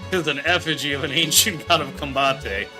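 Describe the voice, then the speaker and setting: A man's voice: a little high, a little fast, natural voice. A man voicing a pompous, scheming male minion who speaks in theatrical mock-old English with pirate flourishes. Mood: grandiose. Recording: faint game music behind.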